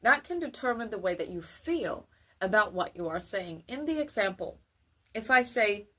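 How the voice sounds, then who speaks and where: A woman giving a grammar lesson for children, with careful, formal wording and deliberate delivery. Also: mid-range voice, big pitch swings, pushed and bright. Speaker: teacher.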